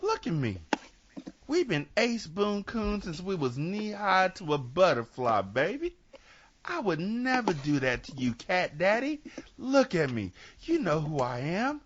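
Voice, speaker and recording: A man's voice: sits high, very animated, a little slow, highs cut off, noisy background, pitched above the performer's own voice. A man putting on the voice of a swaggering 1970s jive-talking drug dealer who boasts in slangy, sing-song rhymes. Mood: smooth-talking.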